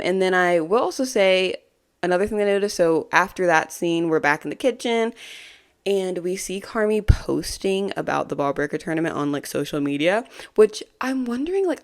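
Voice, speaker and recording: A woman hosting a podcast, recapping a TV episode in a casual, chatty way, giggling often and filling her talk with ums and likes. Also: on the low side. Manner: chatty and giggly, full of fillers. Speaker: podcast host.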